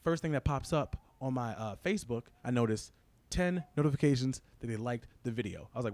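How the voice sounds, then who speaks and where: A man's voice: mid-range voice, expressive, a little mellow, no room sound. A young man doing a crude stand-up comedy routine, telling a story and tossing "right?" to the crowd. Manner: fast, crude storytelling with frequent "right?" asides.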